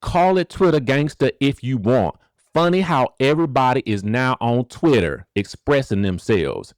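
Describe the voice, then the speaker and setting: A sassy woman with a thick country twang , as a man puts her on, brash and emphatic. She reads her own defiant posts in a high, pushed-up voice. The sound is dry and close. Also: lively intonation, normal speed, dry recording, natural voice.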